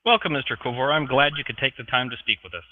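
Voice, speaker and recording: A polite, nervous interviewer, played by a man tiptoes around his guest and apologizes quickly. The voice comes through a thin, tinny voice chat line. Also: mid-range voice, lightly acted. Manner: apologetic, eager to please.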